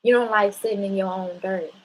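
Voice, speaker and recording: A woman's voice: mid-range voice, fairly even intonation, brisk, a little hiss or hum, poor audio. Blunt, profane woman preaching to viewers. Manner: blunt, profane, preachy, talks straight to her audience. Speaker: spiritual live-stream host. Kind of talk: casual spiritual talk to viewers.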